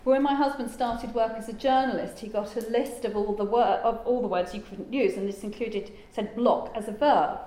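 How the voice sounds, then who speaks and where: A woman's voice: a little high, normal speed, few pauses, mellow. Chatty woman lecturing in an echoey room. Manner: chatty, digressive, with frequent ums and asides. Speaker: lecturer and translator. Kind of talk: informal lecture. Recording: echoey room with faint ambience.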